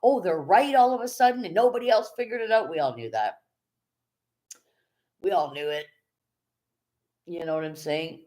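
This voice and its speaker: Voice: medium pitch, lively intonation, normal speed, pauses often, darkish tone. A live streamer chats casually with viewers, blunt and often profane. The delivery is loose and conversational, and the streamer keeps checking in with the chat. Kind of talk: casual livestream commentary.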